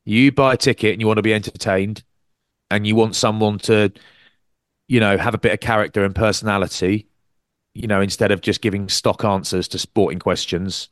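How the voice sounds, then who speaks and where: A man's voice: fairly quick, no echo, studio quality. A man co-hosting a rugby podcast, telling stories in casual chat and acting out quotes. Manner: animated storyteller, acts out quotes with big pitch jumps. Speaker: podcast co-host and rugby commentator.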